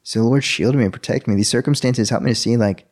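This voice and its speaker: A man's voice: medium pitch, fast talker, darkish tone. A young man telling a personal faith story in an interview, earnest and full of fillers and restarts.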